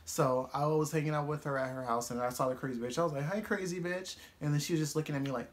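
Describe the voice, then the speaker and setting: A young man telling a casual storytime vlog, profane and animated, laughing often as he talks. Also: on the high side, fast talker. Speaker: vlogger.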